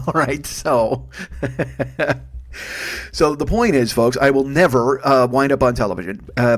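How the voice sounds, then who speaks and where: A man in his fifties hosting a solo comedy podcast, rambling and self-mocking with heavy swearing. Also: medium pitch. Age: 50s.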